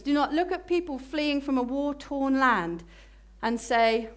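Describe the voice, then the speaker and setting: Woman preacher, slightly high voice, emphatic sermon delivery that slows for key phrases. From Britain.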